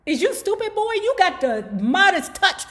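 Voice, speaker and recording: A woman voicing a stern older mother who loudly scolds her grown son, then pleads with him. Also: extremely high pitch, big pitch swings, normal speed, voice pushed up, heavily acted. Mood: scolding. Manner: loud, scolding, emphatic.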